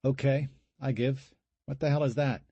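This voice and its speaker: A man's voice: mid-range voice, fairly even intonation, normal speed, creaky, dark tone, husky, no room sound, dull audio, voice pushed up. A man voicing a teasing, wisecracking younger brother in an audiobook. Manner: wisecracking, needling.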